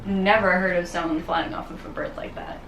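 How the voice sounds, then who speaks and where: A woman's voice: fairly low pitch, steady tone, brisk, a bit bright. A young woman, a guest friend, chatting casually and chiming in with agreement and short stories. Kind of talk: casual chat. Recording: echoey room with faint hiss.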